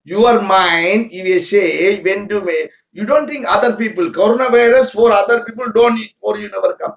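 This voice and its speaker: A spiritual teacher speaks at a normal pace in a high, creaky voice, talking informally with followers. He relies on broken English, repeats words, and puts questions to his listeners, and the sound is roomy and echoing.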